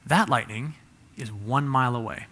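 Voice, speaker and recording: A man's voice: medium pitch, moderate pace, sharp tone. A man voicing a confident, fatherly cartoon papa bear who acts like a know-it-all.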